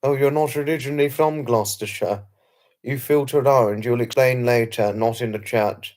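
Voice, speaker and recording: A man's voice: mid-range voice, moderate pace, a little mellow. A man hosting a casual live stream, reading out viewer comments and answering them in a chatty, polite way, repeating his thanks and greetings. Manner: chatty, repeats phrases, lots of thanks and hellos to viewers, chuckles often; polite, slightly formal wording with restarts. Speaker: livestream host.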